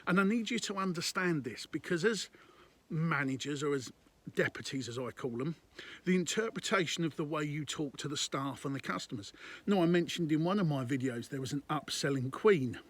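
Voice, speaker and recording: A man's voice: a little high, lively intonation, a little fast, a bit bright. A man, a business consultant, giving conversational and emphatic business advice to camera, repeating his points.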